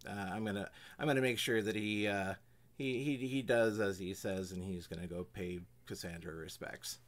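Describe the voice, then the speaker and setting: A man's voice: fairly low pitch, normal speed. A man in a tabletop role-play, talking persuasively and casually, swearing freely. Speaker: player.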